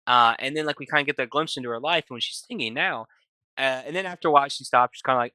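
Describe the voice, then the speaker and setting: Bright-voiced man rambling through a movie review. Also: medium pitch, quick pace, clear, resonant tone, dry recording. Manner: rambling, heavy on "like" and "you know" fillers; retells scenes by quoting the characters. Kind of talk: casual spoken film review.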